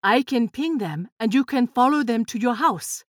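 Firm, steady woman ally, read by a woman. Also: on the high side, normal speed, dry recording, clean studio sound.

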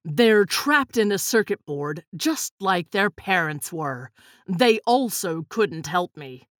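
A woman's voice: medium pitch, expressive, slow, fairly bright tone, dry recording, studio quality. Woman doing a cold sneering male villain. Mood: menacing. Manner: sneering, menacing. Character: cold scheming male villain, grown man.

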